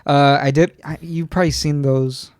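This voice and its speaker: A man's voice: on the high side, fairly even intonation, normal speed, darkish tone, clear, resonant tone, no room sound, studio quality. A man in his twenties co-hosting a podcast, telling stories in loose, profane casual talk. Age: 20s. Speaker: podcast co-host. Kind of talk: casual chat.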